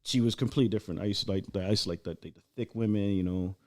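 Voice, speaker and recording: A fast-talking man with a fairly low voice, a podcast guest telling stories. He rambles with many restarts and fillers, and his voice jumps up when he gets animated. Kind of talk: casual chat.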